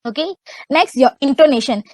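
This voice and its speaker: A young woman with a Malaysian English accent, giving a loud, emphatic motivational webinar talk. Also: sits high, animated, brisk, no echo, poor audio. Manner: loud, emphatic, repeats "okay". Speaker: webinar speaker.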